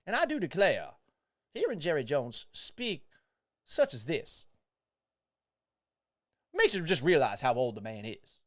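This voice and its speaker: A man putting on a mock Southern accent as a folksy old Southern gentleman. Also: on the high side, very animated, a little slow, pauses often. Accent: put-on Southern US. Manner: mock-genteel drawl.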